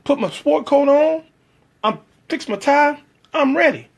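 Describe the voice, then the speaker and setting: A man's voice: very high-pitched, expressive, unhurried. A man telling a personal story about working as a background actor, acting out the other people's lines in shifting voices.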